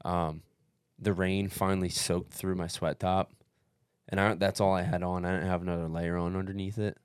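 Low-voiced man swearing through a story. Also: moderate pace, clear, resonant tone, no echo, clean studio sound. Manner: profane, animated storytelling with many fillers. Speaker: podcast co-host telling a race story. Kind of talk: casual chat.

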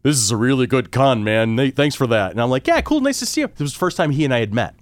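A man in his forties, co-host of a podcast, talks casually and brings his stories alive by acting out quotes. His mid-range voice comes fast, with no room sound.

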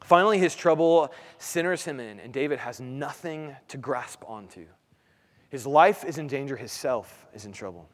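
Pastor preaching in a reverberant hall. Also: male voice, medium pitch, expressive, normal speed. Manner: conversational preaching, rhetorical questions. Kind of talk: sermon.

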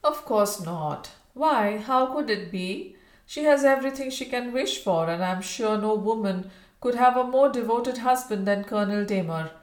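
An excitable young Victorian wife , as a woman reader puts her on, emphatic and quick to exclaim. Her voice sits high and lifted above the narration. A roomy echo surrounds it. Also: lightly acted. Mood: animated.

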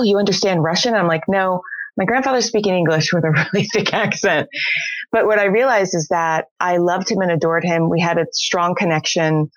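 A woman in a casual conversation, sharing personal stories in a warm, open way. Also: fairly low pitch, no room sound, poor audio. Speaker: panel guest.

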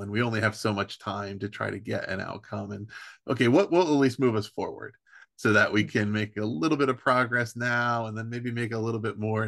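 A man hosting a podcast interview, talking in a thoughtful, measured way. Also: lowish voice, vocal fry, a bit bright, dry recording, clean studio sound. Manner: thoughtful, measured, with fillers like "right" and "you know". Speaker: podcast host.

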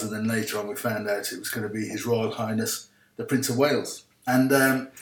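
An older Irish man, a guest caller, telling a lively anecdote in casual chat. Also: on the low side. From Ireland. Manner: chatty, animated, laughing anecdote teller. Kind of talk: casual storytelling. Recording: roomy, distant remote line.

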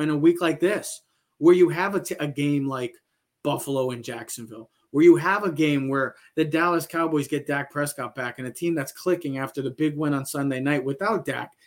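A man hosting a sports talk show, blunt and excitable, with rapid restarts and repeated phrases. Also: on the high side. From Italian-American background. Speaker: sports podcast host.

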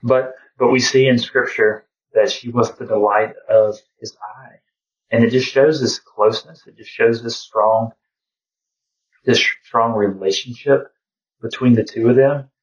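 A man's voice: mid-range voice, steady tone, a little slow. A man leading an informal Bible study, talking in a reflective, conversational way and often saying "you know". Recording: distant, dull lo-fi sound.

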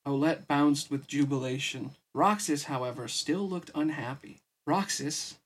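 A man's voice: mid-range voice, normal speed. Tired man reading a story aloud. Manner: casual, weary asides. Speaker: podcast host reading a novel. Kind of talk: audiobook-style story reading.

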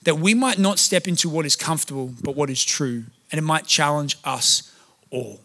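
A man's voice: on the high side, normal speed, pushed and bright. A man preaching a sermon as a pastor, conversational and humorous, telling stories with animation.

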